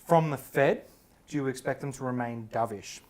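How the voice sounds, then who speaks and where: A man's voice: medium pitch, normal speed, a little mellow. A man hosting an interview, who sums up his guest's points and asks follow-up questions. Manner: summarising, prompting questions. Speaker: podcast host.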